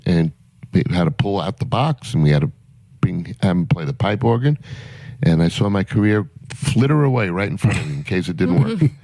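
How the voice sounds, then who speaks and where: A man's voice: low-pitched, warm tone, dry recording. A man, a concert promoter guest on a morning radio show, telling rambling anecdotes with many fillers. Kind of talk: casual radio storytelling.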